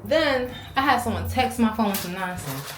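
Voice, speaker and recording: A woman in her twenties telling a casual storytime vlog in a slangy, animated, exasperated way. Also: medium pitch, normal speed, music in the background. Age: 20s. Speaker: vlogger. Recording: loud outdoor street noise.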